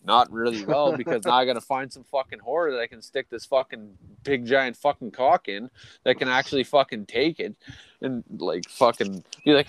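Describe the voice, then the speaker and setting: A man's voice: medium pitch, moderate pace, dry recording. A middle-aged man hosting a podcast, rambling through crude, profane stories in casual chat. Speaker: podcast host.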